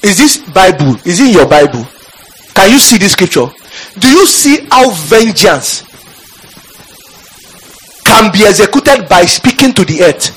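This is a man preaching a fiery sermon in church. His voice is high and husky, and it swings widely in pitch. He shouts out scripture and keeps calling on the congregation to answer him. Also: sing-song, a little slow, long pauses, rough recording.

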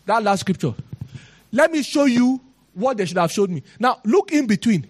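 A man's voice: very high voice, expressive, moderate pace. A man with a Nigerian accent preaching a sermon and telling his own testimony, acting out the people he quotes.

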